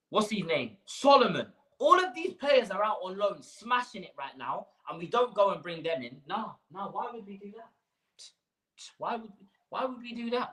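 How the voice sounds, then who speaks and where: A man's voice: sits high, sharp tone, poor audio. A man hosting a live fan stream, ranting with rhetorical questions and slang. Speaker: fan channel host.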